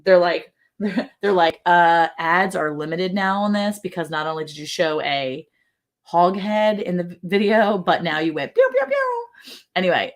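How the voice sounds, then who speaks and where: A woman hosting a casual ranch livestream, chatty, reading viewer comments aloud and laughing often. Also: on the low side. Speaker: livestream host. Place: ranch home.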